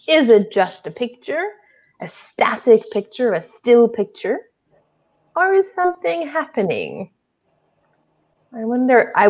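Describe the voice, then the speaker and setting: A woman from New Zealand with a New Zealand accent, co-hosting a live online English lesson, asking many questions and gently guiding. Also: a little high, muffled recording. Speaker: English teacher co-hosting a livestream.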